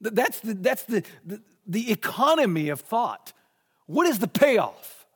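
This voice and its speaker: Guy preaching slow and emphatic, drops to a hush then lifts up again, big echoey church. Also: high-pitched, big pitch swings, breathy edge. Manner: emphatic, swings between raised and hushed delivery. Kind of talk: expository sermon. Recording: long reverb of a large hall.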